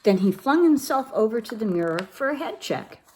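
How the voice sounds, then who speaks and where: A woman reading a picture book aloud to children in an expressive, animated way. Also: on the high side, normal speed, a little hiss or hum. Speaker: storybook reader for children.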